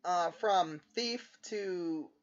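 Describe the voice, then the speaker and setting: A man in a casual podcast chat about video games, asking quick questions and pitching ideas. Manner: inquisitive, quick questions and suggestions. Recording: dull lo-fi mic.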